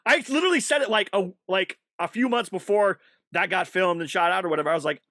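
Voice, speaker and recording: A man who is a stand-up comedian, chatting casually on a podcast, animated and laughing often with quick asides. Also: high voice, no room sound, clean studio sound.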